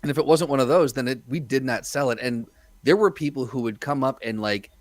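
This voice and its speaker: A man's voice: medium pitch, a little fast, no echo. A man on a podcast telling a wry anecdote in a casual, easygoing way. His voice sits in a middle register. The mic is close and the sound is dry, with no room around it. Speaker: podcast co-host or guest.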